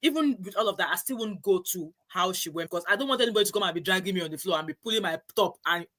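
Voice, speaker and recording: A woman's voice: on the low side, expressive, very fast, fairly bright tone. A woman hosting a casual panel chat, emphatic and repeating herself. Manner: emphatic, repeats herself, rises when stirred. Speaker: host.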